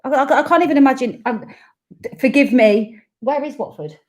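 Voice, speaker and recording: A woman's voice: sits high, fairly quick, a little mellow. A woman from Coventry in her thirties, chatting casually and laughing often on a live stream. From Coventry, England. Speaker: dementia carer and travel vlogger.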